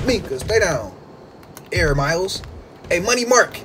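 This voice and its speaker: A man giving casual, excitable game commentary, full of slang and trash talk aimed at the characters on screen. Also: high-pitched, normal speed, music in the background. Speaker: gaming YouTuber.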